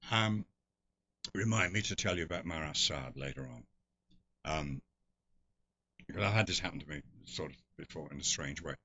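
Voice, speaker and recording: A man's voice: very deep voice, moderate pace, pauses often, pushed and bright. An older man from England, telling long rambling stories as a guest in a casual interview. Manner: rambling anecdotal storyteller with restarts and laughs. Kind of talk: casual storytelling. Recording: dull lo-fi recording.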